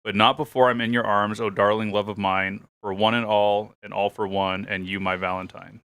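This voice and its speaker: A man's voice: lowish voice, little pitch movement, a bit bright, smooth. Man from Canada reciting a poem. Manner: measured, playful. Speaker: streamer. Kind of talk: reading a poem aloud.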